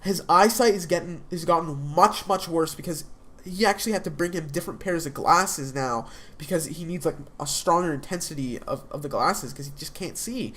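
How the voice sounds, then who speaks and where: With a mid-range, slightly bright voice at a moderate pace, a young adult rambles through a recap of a TV episode. Fillers and restarts crop up throughout this casual review.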